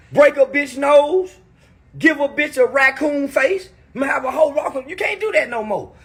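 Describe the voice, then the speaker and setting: A man telling profane stories in an animated, ranting monologue with loud outbursts. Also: very high voice, reverberant. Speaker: commentator.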